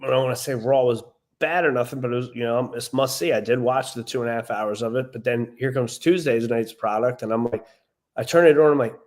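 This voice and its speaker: A man's voice: medium pitch, steady tone, fairly quick. A man co-hosting a wrestling podcast, telling stories in a rambling, casual way with lots of fillers. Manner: rambling, filler-heavy storytelling. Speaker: podcast co-host.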